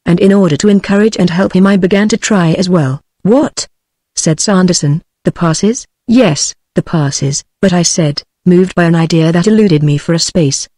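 A text-to-speech woman's voice with a British English accent, reading a classic story aloud in an even synthetic delivery. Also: on the low side, normal speed, few pauses, dry recording. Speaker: narrator.

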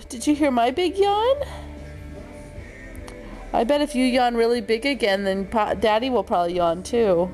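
A young woman speaks gently and slowly to her little boy, asking one soft question after another. Her voice sits a little high and swoops in a sing-song way. Quiet music plays faintly in the background. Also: expressive. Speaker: mother. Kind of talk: tender talk to a sick child.

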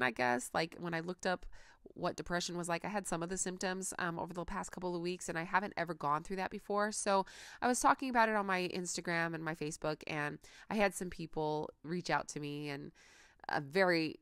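A woman's voice: fairly low pitch, fairly bright tone, clear, resonant tone. A woman talking casually in a crafting vlog, chatty and gushing with lots of fillers, working at a craft table at home. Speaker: crafting vlogger.

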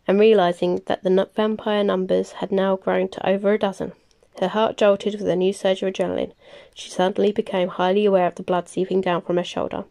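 Gravelly, mellow-voiced woman reading aloud. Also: medium pitch. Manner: plain, unhurried reading with small slips and self-corrections. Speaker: reader. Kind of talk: audiobook-style novel reading.

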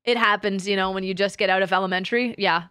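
A woman's voice: medium pitch, steady tone, quick pace, bright, forceful tone, clean tone, no echo, clean studio sound. A woman streaming as a VTuber in casual chat, swearing freely and breaking into laughter often. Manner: profane and giggly, swears often and laughs a lot.

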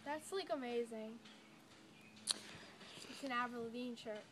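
A young woman rambling excitedly and giggling while chatting with a friend on a tree swing outdoors. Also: fairly high pitch, slow pace. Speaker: friend filming a home video. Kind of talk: casual chat between friends. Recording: noisy outdoor home video.

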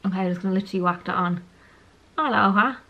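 This is a young woman, talking her way through a quick everyday makeup routine. Her chat is casual and rambling, with little asides about how she looks while she works. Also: mid-range voice, highs cut off. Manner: chatty, self-aware, talks while applying makeup. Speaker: beauty vlogger.

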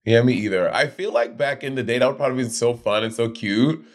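A man co-hosting a casual podcast chat, playful and profane, quick to laugh. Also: mid-range voice. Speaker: co-host.

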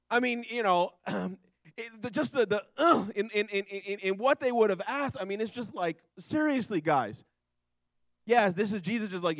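Guy preaching a sermon, chatty, does voices for the story bits, kinda high voice, dull dry sound. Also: normal speed, no room sound. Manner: conversational, animated, acts out Bible scenes in quoted voices. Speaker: pastor.

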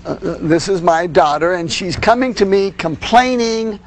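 A man's voice: high-pitched, lively intonation, normal speed, slight background noise. A man giving a lecture to parents on handling children's behavior, earnest and explanatory, often adding "you see". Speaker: parenting instructor.

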